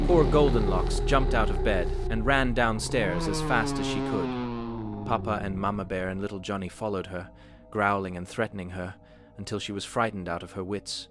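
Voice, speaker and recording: Low-voiced man reading a storybook. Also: moderate pace, soft background music. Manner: animated, expressive read-aloud.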